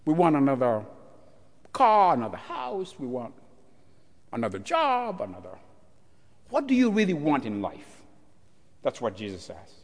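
A male pastor preaching a sermon, animated and full of rhetorical questions, acting out the voices in the story. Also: medium pitch, unhurried, pauses often. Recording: long church hall reverb.

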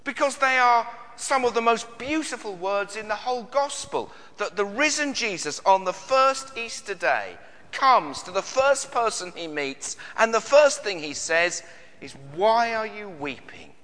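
British man, preacher, earnest sermon, bright tone, long church reverb. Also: high voice, very animated, measured pace. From Britain. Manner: earnest, repeats words often, rhetorical questions.

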